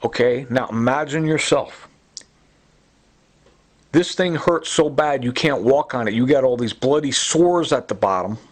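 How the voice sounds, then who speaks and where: A man's voice: medium pitch, a little slow. A middle-aged man giving a rambling, agitated personal testimony, full of fillers and repeats. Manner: agitated, repetitive, many fillers. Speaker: self-recorded complainant.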